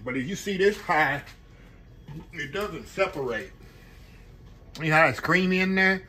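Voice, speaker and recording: A man's voice: fairly high pitch, sharp tone, slight background noise. A man hosting a casual home cooking vlog, folksy and chatty, talking straight to his viewers. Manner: chatty, folksy, keeps calling the audience y'all. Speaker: cooking channel host.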